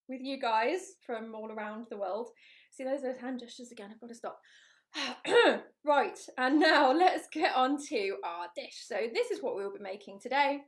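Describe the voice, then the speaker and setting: A woman's voice: high voice, animated, moderate pace, fairly bright tone. A woman hosting a live vegan cooking show, chatting upbeat with viewers and reading out their comments. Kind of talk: live cook-along chat.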